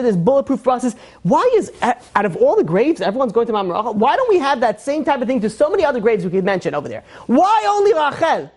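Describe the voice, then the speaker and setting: A woman with a Brooklyn Jewish accent teaching an informal Torah class, conversational and full of restarts and fillers. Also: on the high side.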